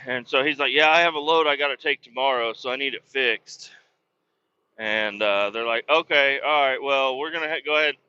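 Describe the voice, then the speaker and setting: A man's voice: mid-range voice, moderate pace, sharp tone, clean tone, lo-fi sound. A man, a truck driver, hosting a podcast and telling a rambling story in casual, profane talk, raising his voice when he quotes people.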